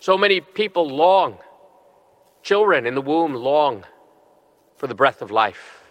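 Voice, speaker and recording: A middle-aged man, a bishop, preaching a sermon with earnest, slow and emphatic phrasing. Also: on the high side, animated, dull audio. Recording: long reverb of a large hall.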